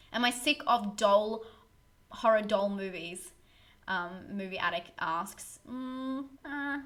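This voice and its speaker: A young woman chats through a relaxed live-stream Q&A. Her tone is bright and clear, and she wanders through answers with frequent ums, restarts and little giggles. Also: medium pitch. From Australia. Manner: chatty, giggly, rambling with fillers and restarts. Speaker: horror film YouTuber hosting a live stream.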